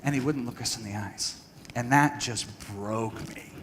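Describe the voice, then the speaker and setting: In a church hall, a man from Texas gives a personal talk at a parenting session, candid and self-deprecating, with many fillers and restarts. His mid-range voice, at normal speed, is a bit bright, with slight background noise and long hall reverb.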